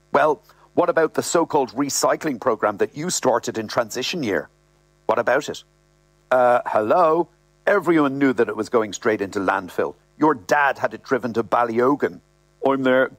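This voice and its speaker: A man's voice: medium pitch, expressive, moderate pace, dry recording. Wry man reading aloud. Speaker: story reader. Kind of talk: reading a comic novel aloud.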